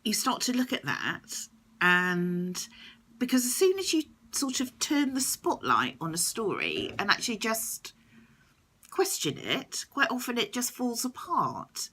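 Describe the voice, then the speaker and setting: Woman vlogging to camera, unhurried, explaining things thoughtfully, very expressive voice. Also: fairly high pitch, husky. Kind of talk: reflective talk to camera.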